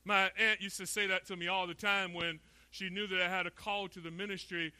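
A man's voice: sits high, level tone, a little fast, pushed and bright, smooth, no echo. Middle-aged male preacher from Florida, emphatic and questioning, dry close sound. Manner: emphatic, asks rhetorical questions, voices imagined speakers. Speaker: pastor. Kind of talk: expository sermon.

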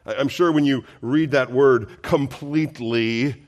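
Man preaching a sermon, slow and deliberate, emphatic, asks the congregation questions. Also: mid-range voice, dull audio. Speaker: pastor.

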